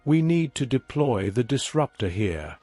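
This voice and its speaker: A man's voice: medium pitch, sing-song, a little slow, warm tone, no echo, soft background music. A man reading the lines of a cautious, strained male scientist in a scripted story. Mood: tense.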